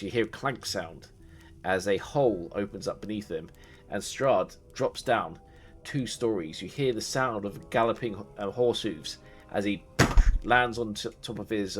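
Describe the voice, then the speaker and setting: A man narrating a tabletop game as dungeon master, casual and rambling. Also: on the low side. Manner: rambling, many fillers and restarts.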